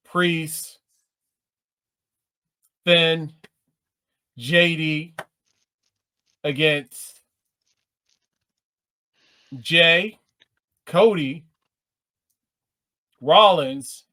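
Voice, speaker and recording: A man's voice: on the high side, bright, forceful tone. A man co-hosting a casual podcast chat, playful and teasing. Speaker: podcast co-host.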